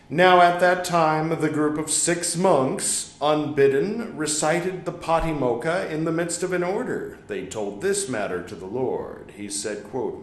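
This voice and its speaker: A man's voice: medium pitch, unhurried, hardly any pauses. A man hosting a podcast, reading a religious text aloud and breaking off for wry, joking asides. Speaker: podcast host reading scripture. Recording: echoey room.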